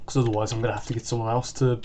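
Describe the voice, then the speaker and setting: British teen boy rambling on while gaming, says like a lot, medium pitch, bit of typing noise. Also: flat delivery, rapid-fire, mellow. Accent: British English. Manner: rambling, full of "like" and restarts. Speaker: gaming channel host. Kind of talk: casual chat while gaming.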